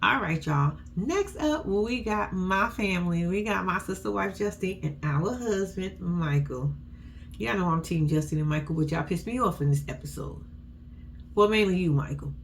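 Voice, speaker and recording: With a creaky voice at a moderate pace, a woman gives an animated, profane and sassy reality-show recap in casual conversation. Her speech carries AAVE features, her pitch jumps when she quotes people, and there's a little hiss or hum.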